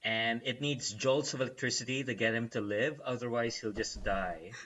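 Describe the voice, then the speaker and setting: A man's voice: medium pitch, normal speed, highs cut off, crowd noise. A young man co-hosting a podcast, casually telling a story with lots of laughter. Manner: animated storytelling with laughter and quoted voices. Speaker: podcast co-host. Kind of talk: casual chat.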